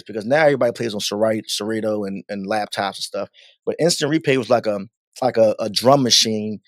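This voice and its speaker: A middle-aged man, a DJ guest on a podcast, telling stories in a lively, casual way with laughs and some swearing. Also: mid-range voice, no room sound, studio quality. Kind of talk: casual storytelling interview.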